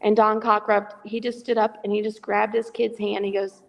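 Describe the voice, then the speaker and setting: This middle-aged woman has a medium-pitched, creaky voice at a moderate pace, with hardly any pauses; the recording is muffled and has a big-room sound. She's a charity volunteer and remote guest on a call-in podcast, telling a casual story over a remote call and animatedly acting out the quoted dialogue.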